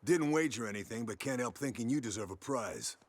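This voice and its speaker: Joking monster hunter, middle-aged, lively husky voice, game banter. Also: male voice, mid-range voice, brisk. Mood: teasing. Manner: playful, ribbing banter. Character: teasing, good-humored male monster hunter, middle-aged. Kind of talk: video game dialogue.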